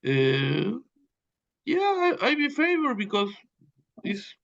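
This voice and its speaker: A man from Peru whose first language is Spanish, answering as an English student in interview practice and haltingly searching for words. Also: high voice, wildly swooping pitch, gravelly, a bit bright, lo-fi sound.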